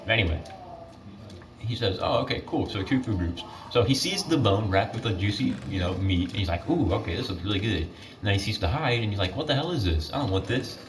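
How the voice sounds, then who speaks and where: A teenage boy rambles through a story mid-game, piling up fillers and correcting himself as he goes. His voice sits somewhat low. The mic is set back from him, and steady noise runs underneath. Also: fairly quick. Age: teens. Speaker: gamer retelling myths. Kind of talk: casual gaming commentary. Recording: distant mic with clear background noise.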